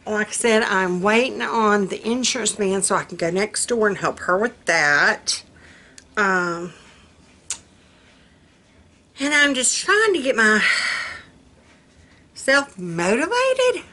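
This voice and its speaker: A woman's voice: medium pitch, lively intonation, slow pace, long pauses, pushed and bright. An older woman, chatting casually to her viewers in a folksy way and laughing often at her own jokes. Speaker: vlogger. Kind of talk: casual chat to camera.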